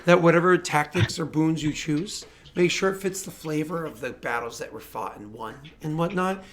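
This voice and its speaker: Chatty game master, fairly high. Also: male voice, moderate pace, a bit bright. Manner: chatty, rambling, lots of fillers and laughter. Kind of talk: running a tabletop game on stream, casual banter.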